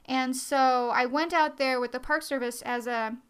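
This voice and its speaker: A woman's voice: high-pitched, fairly even intonation, moderate pace, fairly bright tone, clean tone. A young woman hosting her own podcast, talking in a chatty, rambling, self-deprecating way. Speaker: podcast host. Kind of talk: casual podcast monologue.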